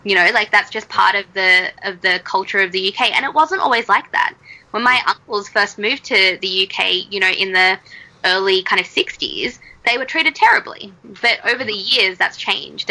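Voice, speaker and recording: A woman's voice: mid-range voice, normal speed, gravelly, bright, forceful tone, poor audio. A woman guest in an interview, speaking in an earnest, reflective way with fillers. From Australia. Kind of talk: conversational interview.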